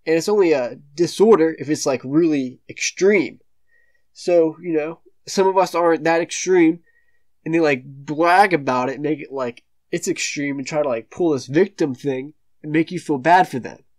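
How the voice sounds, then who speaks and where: Teen male comedic ranter, a touch higher-pitched than most guys, sneering and slangy, drags his words out. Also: normal speed. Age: late teens. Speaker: comedic YouTube commentator. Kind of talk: satirical rant reading online posts.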